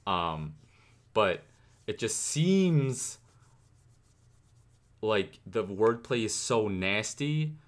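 A man's voice: on the low side, a bit bright. A young man hosting a music reaction video, talking casually with lots of fillers and enthusiasm. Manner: rambling, enthusiastic, many fillers.

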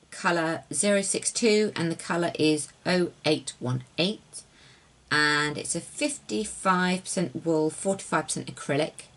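A young woman in a casual knitting vlog, talking at home in a rambling, soft-spoken way that often sinks to near-whispers. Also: sits low. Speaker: knitting designer and yarn dyer. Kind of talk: casual chatty craft vlog.

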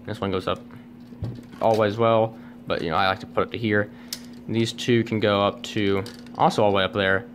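Speaking into a tripod-mounted camera, a man with a lowish, fairly even voice gives a casual, unscripted toy review at home. He talks fairly quickly but pauses often, rambles, puts himself down, and fills the gaps with restarts and filler words. There's slight background noise.

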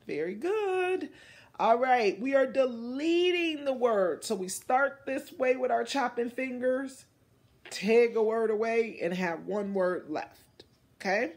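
A woman teacher leading a phonics lesson for young children, slowly and deliberately modeling words and encouraging them. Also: a little high, expressive, darkish tone.

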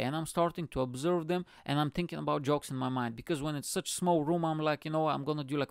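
A young man telling a comedy-gig story in a casual, animated monologue, swearing and acting out the scene. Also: on the high side, gravelly, clear, resonant tone, no echo, clean studio sound. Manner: animated, swearing, acts out scenes with chummy slang. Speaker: stand-up comedian and podcast host.

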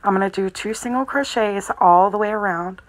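A woman giving a calm, methodical crochet tutorial, narrating each step as she works. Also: mid-range voice, fairly quick, rough recording. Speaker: crochet instructor.

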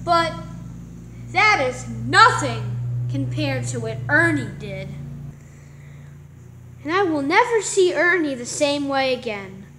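A woman's voice: high-pitched, very animated, slow, pauses often, sharp tone, slight background noise, voice pushed down, heavily acted. A woman voicing Batman, an earnest male cop who narrates a homemade mini movie in a melodramatic way. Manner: earnest, melodramatic, hums "dun dun" stings.

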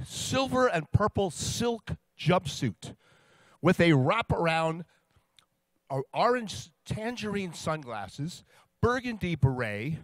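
Brief: man with a slightly high voice, comic storyteller on stage, dry close sound. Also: dry recording. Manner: lively storyteller, builds to punchlines. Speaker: sports interviewer telling stories. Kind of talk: comedic speech to a live audience.

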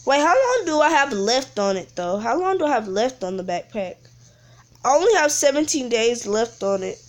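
A woman with a fairly high, sing-song voice talks at a moderate pace while live-streaming a mobile game on her phone. Her chat is slangy and casual, calling viewers "bro" and "man," and she whines about lag.

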